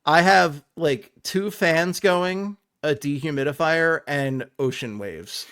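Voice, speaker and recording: A man's voice: fairly high pitch, takes it slowly, a bit bright. A man co-hosting a podcast in casual chat, joking in a sardonic way. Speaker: podcast co-host.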